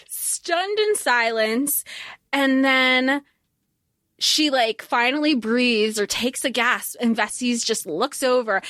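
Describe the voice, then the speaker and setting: High-voiced woman podcast co-host. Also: no room sound, clean studio sound. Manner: animated, swearing, heated retelling. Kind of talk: casual book-discussion chat.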